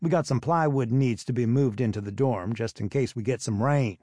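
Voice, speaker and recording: A man's voice: medium pitch, normal speed, mellow, dry recording, clean studio sound, natural voice. A man doing a stern folksy boss. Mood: commanding. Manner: authoritative, folksy. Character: stern Southern man running a boys' home.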